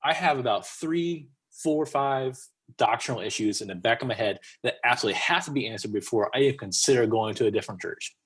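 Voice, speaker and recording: A man speaking as a podcast guest, who tells his story casually and in an animated way, acting out what people said. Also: medium pitch, fast talker, breathy edge. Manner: animated, acts out quotes.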